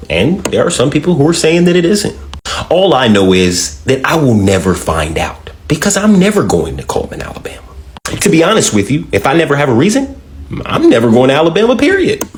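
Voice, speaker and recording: A man's voice: medium pitch, huge pitch swings, fairly quick. A man from Georgia giving wry, emphatic direct-to-camera commentary. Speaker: social media commentator.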